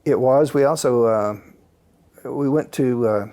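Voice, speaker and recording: A man, a guest author and paranormal researcher, telling stories in a calm, casual way with many fillers. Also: mid-range voice, measured pace. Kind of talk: relaxed anecdotal storytelling.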